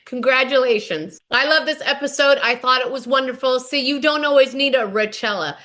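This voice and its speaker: A woman's voice: sits high, brisk, sharp tone. A woman hosting a podcast, recapping a reality show episode in a chatty, gushing storytelling way. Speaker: podcast host.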